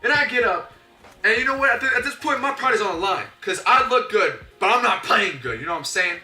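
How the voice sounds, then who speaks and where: A young man telling a comedic story, animated and slangy, acting out his own voice and his coaches' voices. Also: high voice, a little fast. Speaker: YouTuber. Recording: echoey room, a bit distant from the mic, faint music.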